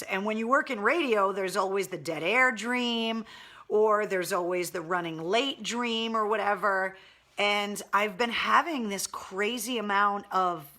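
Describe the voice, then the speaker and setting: A middle-aged woman radio host with a gravelly voice, chatting casually and candidly on a livestream, reading viewer comments with wry humor. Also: mid-range voice, sharp tone.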